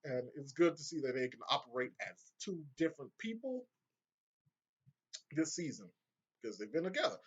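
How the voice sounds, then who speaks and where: Excitable, swearing man on dull audio. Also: fairly high pitch, moderate pace, pauses often, slightly rough. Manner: excitable, profane, breaks into laughter. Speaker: video reviewer. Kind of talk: casual excited episode recap.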